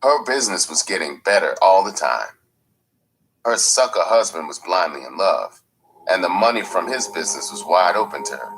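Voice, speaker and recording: A man reading a first-person memoir aloud in a slow, measured, gritty storytelling manner. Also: sits low, animated, fairly bright tone, breathy edge, rough recording. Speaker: audiobook narrator. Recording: faint music underneath.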